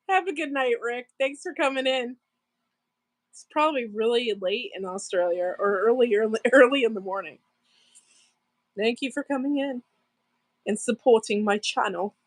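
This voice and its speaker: A woman's voice: on the high side, moderate pace, pauses often, dry recording. A woman hosting a casual live stream from her farm channel, rambling, laughing often and answering viewers in the chat. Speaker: farm channel livestream host.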